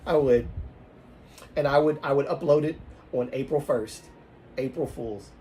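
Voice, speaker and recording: A man's voice: mid-range voice, unhurried, slight background noise. A man with a Southern US accent telling a story on a livestream in a rambling, casual way, often restarting and trailing off. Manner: rambling, frequent self-restarts, trailing off softly.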